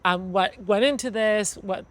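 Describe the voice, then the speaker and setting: A woman's voice: mid-range voice, measured pace. Chatty woman hosting a gathering. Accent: American. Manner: conversational, with fillers like "like" and "um". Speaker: event co-host. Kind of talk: casual spoken presentation to a gathering.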